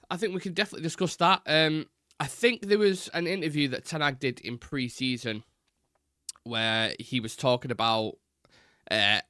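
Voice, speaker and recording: Young male host, live fan show chat; bright, close, dry voice, talks freely with fillers. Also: mid-range voice, no echo. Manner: chatty, frank, hesitant with fillers.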